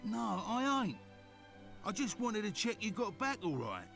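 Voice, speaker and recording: A man's voice: high voice, sing-song, a little slow, creaky, a bit bright, soft background music, full character voice. An actor playing a blunt, slangy male ex-bandit.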